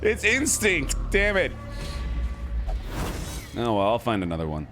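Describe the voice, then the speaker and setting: A man's voice: medium pitch, huge pitch swings, a little slow, bright, forceful tone. A man giving casual gameplay commentary, joking, swearing and laughing at himself. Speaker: gaming streamer. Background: game music.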